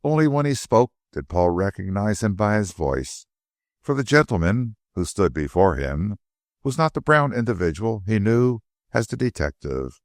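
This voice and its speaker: A man narrating an old mystery novel with a lively, expressive reading that rises and falls widely. His voice sits a little low and sounds dry and close, with no room around it. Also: normal speed, no room sound. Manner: expressive reading, acting out dialogue. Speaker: audiobook narrator. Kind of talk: scripted narration.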